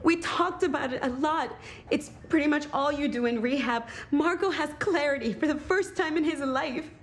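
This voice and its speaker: Brief: actress voicing a young woman defending her fiancé in a hospital drama, insistent, higher voice. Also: normal speed, a little hiss or hum, lightly acted. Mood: earnest. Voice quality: earnest, insistent. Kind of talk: TV medical drama acting.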